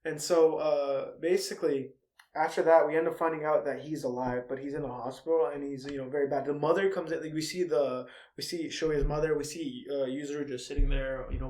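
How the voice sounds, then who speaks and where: A man co-hosting a podcast in casual chat, retelling film scenes with animated acted-out lines. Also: fairly high pitch, brisk, roomy sound. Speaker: podcast co-host.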